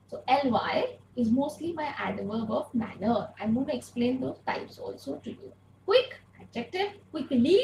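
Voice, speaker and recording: A woman's voice: fairly high pitch, gravelly, reverberant, a little hiss or hum, poor audio. A woman teaching an online grammar lesson, patiently repeating key points and asking rhetorical questions, speaking through an earphone mic. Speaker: English teacher.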